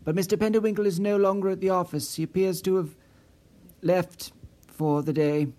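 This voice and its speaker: A man's voice: sits high, steady tone, moderate pace, warm tone, close to an everyday voice. A man voicing a nervous male office supervisor who stammers and hesitates, raised a little above his own voice. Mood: flustered.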